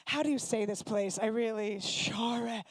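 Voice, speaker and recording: Sarcastic high-voiced woman comic. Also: measured pace, no echo. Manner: sarcastic, brash, profane. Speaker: stand-up comedian. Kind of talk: stand-up with crowd work. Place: synagogue comedy night stage.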